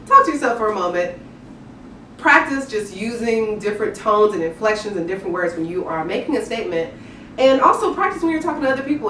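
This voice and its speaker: Her voice is mid-range with a fairly bright tone as this young adult image consultant gives upbeat, candid, chatty tips to camera. There's a little hiss or hum, and she's heard from afar in a room with echo.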